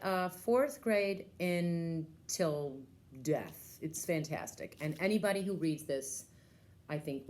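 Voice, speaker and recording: A woman librarian giving a casual, enthusiastic book talk and retelling a story, with lots of ums and uhs. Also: low-pitched.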